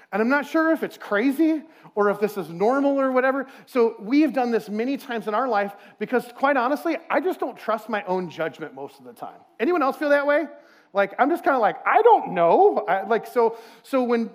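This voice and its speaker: A man preaching a sermon as pastor, conversational and earnest, acting out quoted asides. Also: high voice.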